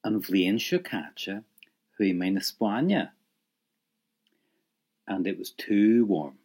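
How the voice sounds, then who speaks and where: A man's voice: lowish voice, lively intonation, slow, darkish tone, husky. A man teaching an audio language lesson, encouraging the listener and prompting them to repeat phrases.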